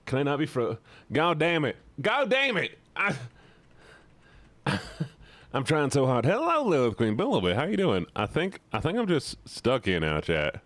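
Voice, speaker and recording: A man's voice: mid-range voice, moderate pace, no room sound. A male streamer doing live gameplay commentary, chatting with viewers and yelping when things go wrong. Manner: excitable, yelps when frustrated, chats with viewers.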